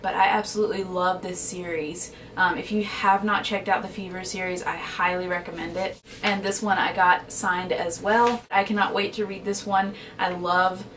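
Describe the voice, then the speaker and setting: A woman's voice: fairly low pitch, level tone, normal speed, few pauses, background noise. Chatty woman book vlogger, slightly distant. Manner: chatty, unsure of titles, gushing about favorites. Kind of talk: casual book haul chat.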